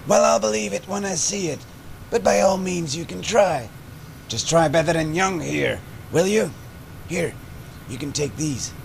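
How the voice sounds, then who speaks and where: A man's voice: fairly high pitch, expressive, a little slow, gravelly, a little hiss or hum. An actor playing a condescending male scientist with a Russian-sounding accent, sneering at and scolding his assistant. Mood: curt.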